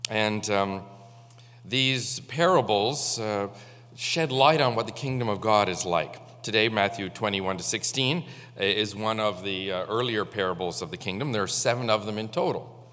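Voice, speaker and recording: A man's voice: fairly low pitch, a bit bright. Man preaching in a reverberant church. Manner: halting, with frequent fillers. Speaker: pastor. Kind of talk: sermon.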